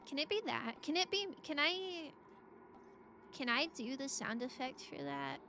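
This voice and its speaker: A woman streamer chats playfully through a game, her voice high and bouncing all over the place. She giggles often and talks to her viewers in a loose, joking way. A steady hiss sits under the recording. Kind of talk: casual gameplay chat.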